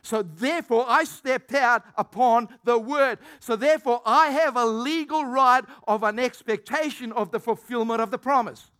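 A high-pitched man preaching a lively sermon. He acts out the voices he quotes and swings from shouts to low, quiet asides. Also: normal speed, few pauses, clear, resonant tone. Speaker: pastor.

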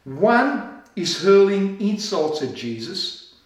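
A male pastor preaches from a distance in a very echoey church. His voice sits fairly high, and he slows right down with dramatic pauses on key lines, now and then acting out the voices of people in scripture. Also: very animated. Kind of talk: sermon.

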